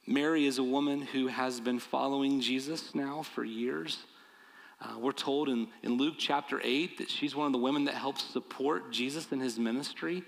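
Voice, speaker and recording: Gravelly pastor preaching in a reverberant hall. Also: male voice, medium pitch, steady tone, moderate pace. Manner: earnest, builds to emphatic repeated appeals. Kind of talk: sermon.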